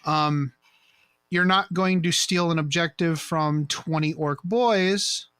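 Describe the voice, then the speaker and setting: A man's voice: a little high, takes it slowly, a bit bright, smooth, no echo, studio quality. A man co-hosting a podcast who chats casually and drops playful, jokey asides. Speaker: podcast co-host. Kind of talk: casual chat.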